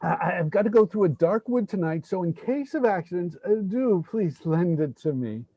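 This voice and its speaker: A man's voice: high-pitched, lively intonation, moderate pace, no room sound, muffled recording. A man voicing a desperate, overworked male clerk in a play reading, ranting breathlessly about his burdens. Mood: pleading. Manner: exasperated ranting, breathless complaints.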